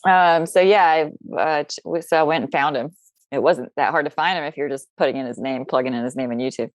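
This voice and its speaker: A woman's voice: sits low, fairly quick, no echo. A woman from the United States chatting casually as a podcast guest, rambling with frequent restarts and self-corrections.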